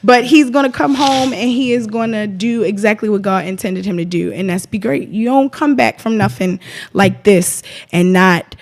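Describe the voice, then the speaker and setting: A woman's voice: mid-range voice, normal speed. A woman, speaking as a guest in an emotional interview, impassioned and defiant, often retelling what others said.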